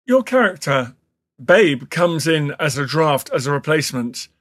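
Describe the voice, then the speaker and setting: A man's voice: a little high, very animated, measured pace, a bit bright, no echo, clean studio sound. A man hosting a podcast, asking questions with casual enthusiasm. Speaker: podcast host. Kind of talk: interview questions.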